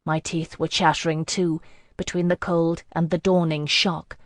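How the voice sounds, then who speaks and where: A woman narrates a fantasy novel in the first person, measured and even. Her voice sits on the low side for a woman. The sound is dry and close, as from a booth mic. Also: no echo. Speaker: audiobook narrator. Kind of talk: scripted narration.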